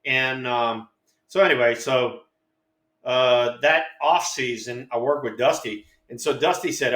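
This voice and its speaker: Man in his 60s, co-host. Loud, excitable storyteller with a bright, forceful voice, roomy echo. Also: mid-range voice, unhurried. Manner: animated, profane, acts out quotes in voices. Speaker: co-host, former ballplayer. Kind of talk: casual storytelling chat.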